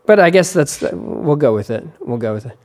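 A man's voice: medium pitch, lively intonation, moderate pace, gravelly, darkish tone. A man hosting a podcast in casual chat, teasing his guest and talking loosely with lots of fillers. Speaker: podcast host.

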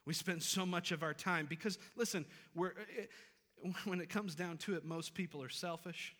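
A man preaching in a church sanctuary, his bright, sharp voice ringing through a hall with long reverb. He moves from easy, conversational talk to emphatic, repeated lines, sitting a bit higher than most men. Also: normal speed. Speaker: pastor. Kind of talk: sermon.

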